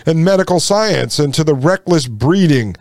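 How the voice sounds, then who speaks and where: A man's voice: a little high, lively intonation, moderate pace, a little mellow, dry recording. A man hosting a podcast, reading a text aloud and breaking off into sarcastic commentary. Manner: sarcastic, mocks with put-on voices. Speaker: podcast host.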